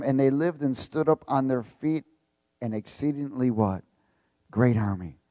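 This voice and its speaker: A man's voice: medium pitch, unhurried, dark tone, no echo. A male preacher reading scripture aloud in a sermon, stopping often to quiz the congregation and repeating key words with emphasis. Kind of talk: sermon with call-and-response.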